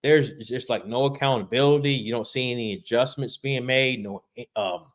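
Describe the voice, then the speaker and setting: A man's voice: mid-range voice, normal speed. A man co-hosting a casual sports podcast over a video call, emphatic and frustrated, often repeating words. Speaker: podcast co-host. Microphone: remote video call.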